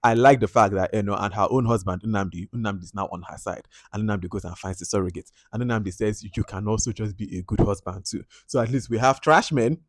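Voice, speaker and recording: A man's voice: on the low side, fairly quick, few pauses, no echo, clean studio sound. A man with a Nigerian English accent giving a casual film review, animatedly acting out lines and dropping into pidgin. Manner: animated, acts out lines and quotes with mixed-in pidgin. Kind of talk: casual movie review to camera.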